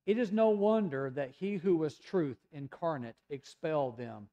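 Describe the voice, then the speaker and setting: A middle-aged man with a Southern American accent preaching a sermon in a conversational way, reading quotes aloud and swinging between loud emphasis and hushed asides. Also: on the high side, a little slow, highs cut off. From Tennessee, USA. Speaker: pastor.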